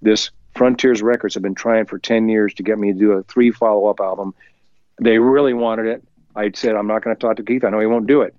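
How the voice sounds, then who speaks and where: A male musician, interviewed as a guest from his home recording studio, tells a story while acting out the voices of the people he quotes and chuckling along the way, speeding up when he gets excited. His voice is lowish, and the recording has no room sound with the highs cut off.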